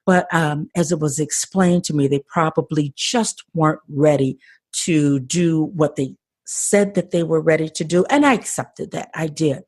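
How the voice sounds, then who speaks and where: A woman's voice: low voice, moderate pace, a little mellow, husky. An older woman, a podcast guest, telling her story with passion and frequent restarts over a remote call. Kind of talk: conversational interview.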